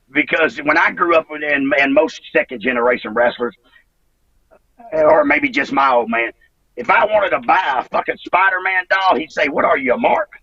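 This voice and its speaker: Guy swearing thru old stories, bright raspy voice, lively pitch. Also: no echo, distant mic, highs cut off. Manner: profane, rambling, drawling. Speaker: interview guest, former wrestler. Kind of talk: casual storytelling interview.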